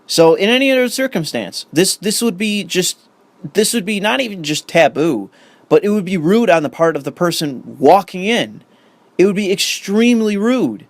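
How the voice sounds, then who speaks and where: A man's voice: high voice, animated, normal speed, no echo. A young man ranting in commentary, profane and sarcastic, reading an article aloud and arguing with it. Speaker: commentary host.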